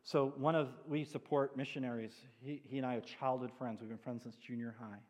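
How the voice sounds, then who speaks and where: A man preaching as a pastor, telling stories with animated asides in a church sanctuary. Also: medium pitch, fairly quick. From New England. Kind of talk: sermon. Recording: long church hall reverb.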